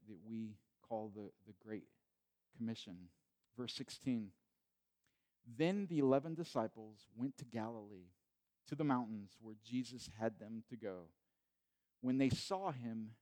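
A man preaching a sermon in a conversational way, retelling the scene with animated asides. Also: mid-range voice. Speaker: pastor.

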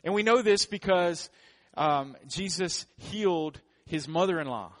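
A man's voice: sits high, expressive, measured pace, fairly bright tone. A man preaching a sermon in a joking, conversational way. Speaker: pastor.

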